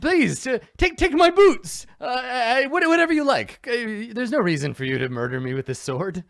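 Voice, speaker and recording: A man's voice: high voice, sing-song, moderate pace, a bit bright, slight background noise, pitched above the performer's own voice, full character voice. A man voicing a cowardly male knight who grovels and babbles in panic, stammering over his words for mercy in a tabletop game. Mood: panicked pleading.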